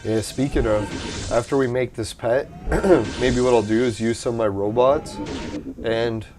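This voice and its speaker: A man talks through his game at a middle pitch, casual and a little hoarse from losing his voice. He bursts out with curses and cheers at the action. Clear music plays behind him. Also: moderate pace. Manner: cursing, excitable reactions to the game. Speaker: gameplay commentator. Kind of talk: casual gameplay commentary.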